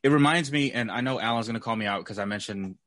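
A man co-hosting a podcast in casual chat, animated, often mock-quoting people in a put-on voice. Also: medium pitch, fast, no room sound. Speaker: podcast co-host.

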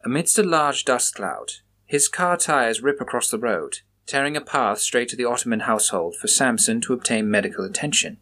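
A man narrating a story in a steady, dramatic reading. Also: medium pitch, normal speed, hardly any pauses.

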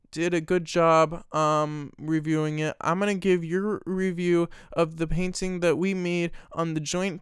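A man doing an improvised comedy bit, rambling and mock-serious with lots of filler words. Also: high-pitched.

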